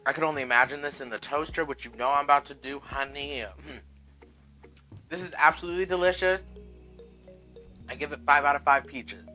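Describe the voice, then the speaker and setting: Man, sassy home cooking vlogger, bright forward tone, cussing freely, faint music underneath. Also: a little high, a little fast, pauses often, poor audio. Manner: sassy, profane, talks to viewers as "girl" and "honey". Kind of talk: casual cooking vlog. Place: home kitchen.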